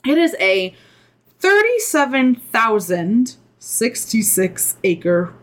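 Relaxed woman telling a story. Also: a little high, slow pace. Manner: relaxed storyteller, laughs easily, swears casually. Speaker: podcast co-host telling a story. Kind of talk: casual chat.

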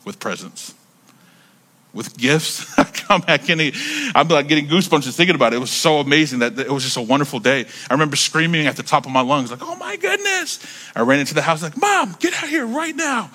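A man in his thirties preaching, telling a story in an animated, conversational way, repeating words as he builds up. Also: medium pitch, fairly quick. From United States. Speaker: pastor. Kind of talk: sermon storytelling.

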